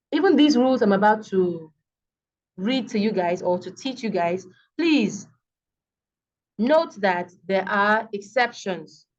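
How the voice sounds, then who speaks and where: A woman with a Nigerian accent teaching an English lesson, patiently repeating words to show stress and checking in with "okay". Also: fairly high pitch. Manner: frequent fillers and checks with okay. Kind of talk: online class lecture. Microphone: video call. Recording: dull lo-fi video call audio.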